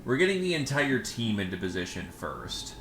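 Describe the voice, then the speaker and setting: A man's voice: medium pitch, big pitch swings, moderate pace, fairly bright tone, slight background noise. A male streamer giving casual commentary on a strategy game, rambling and correcting himself with lots of fillers.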